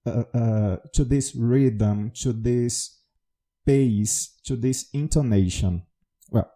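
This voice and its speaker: A man's voice: mid-range voice, mellow. A man from Brazil with a Baiano Brazilian Portuguese accent, a native Portuguese speaker, hosting a solo educational podcast in an explanatory, teacherly way. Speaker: podcast host, English teacher.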